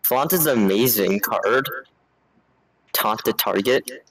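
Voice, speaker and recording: A man's voice: fairly low pitch, lively intonation, slow, fairly bright tone, low-quality recording. Laid-back man chatting over a game. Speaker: player. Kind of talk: casual tabletop game chat.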